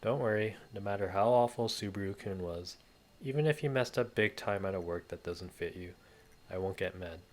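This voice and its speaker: A man reading as a gentle, soft-spoken young woman. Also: fairly low pitch, moderate pace, lightly acted. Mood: reassuring.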